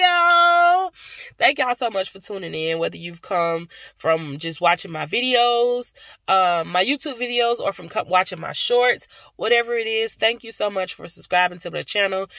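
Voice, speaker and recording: A young woman talks casually to her viewers, calling them y'all with warm affection. Her voice has a gravelly, creaky texture, and she sounds worn out after work. The recording is dry and close, with no room sound. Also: lowish voice, dry recording. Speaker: vlogger. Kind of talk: casual vlog chat to viewers.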